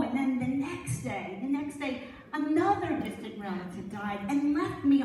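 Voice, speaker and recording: A woman's voice: high-pitched, expressive, fairly quick, darkish tone. A woman minister giving an inspirational sermon, telling a story with laughter and checking in with her congregation. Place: sanctuary with altar. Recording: echoey room, speaker far from mic.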